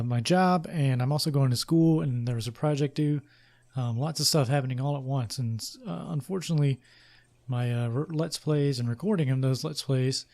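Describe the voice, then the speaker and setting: A man's voice: mid-range voice, darkish tone. A young man playing a game, chatting casually with fillers and reading its story text aloud. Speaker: let's play host.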